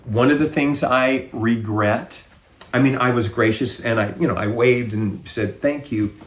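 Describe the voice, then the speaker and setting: A man's voice: medium pitch, measured pace. A man hosting a casual chat, telling stories with hesitant restarts. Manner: relaxed storytelling with hesitant restarts. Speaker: podcast host. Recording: roomy echo.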